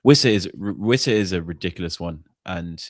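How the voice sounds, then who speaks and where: A blunt man hosts a casual football podcast chat in a low, deep register. He is opinionated and swears freely, stumbling and repeating words as he builds his case. The recording is dry and close, with no room sound. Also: a little fast, dry recording. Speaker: podcast host.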